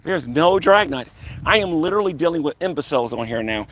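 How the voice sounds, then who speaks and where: A man's voice: fairly high pitch, expressive, fast, a bit bright, slight background noise. A man running a live stream, taunting rivals in a combative, rambling rant full of fillers. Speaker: online commentator on a live stream.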